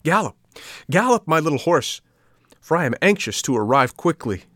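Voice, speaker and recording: A man voicing an eager, tearful boy puppet in a storybook reading, talking in a high, pleading, excitable way. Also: moderate pace, slightly rough, no echo, full character voice. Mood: joyful.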